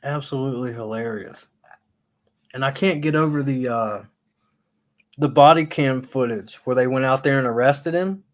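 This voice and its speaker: Hosting a laid-back live stream, a man rambles and laughs constantly while retelling funny stories. Now and then he breaks into high, squealing impressions, and he swears freely, all at a normal speed.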